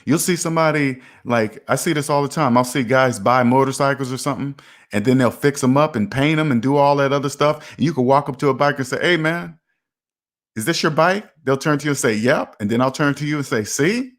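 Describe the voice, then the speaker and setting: A man's voice: medium pitch, quick pace. Emphatic middle-aged man talking money. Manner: repetitive, emphatic, acts out imagined street conversations. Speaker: personal finance video host. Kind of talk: casual monologue to camera.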